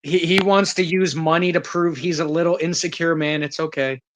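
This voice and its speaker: A man with a slightly high voice trades jokes with friends on a live stream panel. He laughs easily and trips over his words, restarting his sentences. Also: fairly even intonation, normal speed. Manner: joking, laughs often, stammers restarts.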